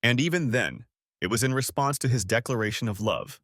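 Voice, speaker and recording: Male storyteller, lively reading, dry close sound. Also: mid-range voice, fairly quick, dry recording. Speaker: narrator. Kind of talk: audiobook story narration.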